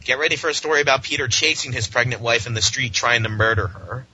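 Sarcastic, ranting man with a bright voice. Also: medium pitch, fast talker, slight background noise. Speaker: comic book podcast host. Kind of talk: casual comic review. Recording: muffled lo-fi audio.

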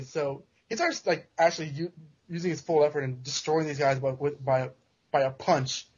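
A man with a slightly high, husky voice retells a comic book plot, jokey and full of quick restarts. The recording sounds dull and lo-fi, as on a home podcast. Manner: joking, self-interrupting storyteller. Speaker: podcast co-host. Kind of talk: casual comic-book recap.

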